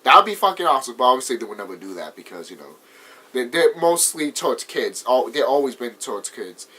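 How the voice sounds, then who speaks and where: Excitable rambling American young man. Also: medium pitch, fast, slightly rough. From United States. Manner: rambling and excitable, laughs often, swears freely. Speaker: vlogger. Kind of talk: casual movie review vlog.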